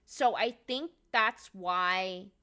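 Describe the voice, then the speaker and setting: A woman streamer chatting casually and swearing often, muttering to herself between excited bursts. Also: mid-range voice, very slow, smooth. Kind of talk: casual vlog chat while sorting photos.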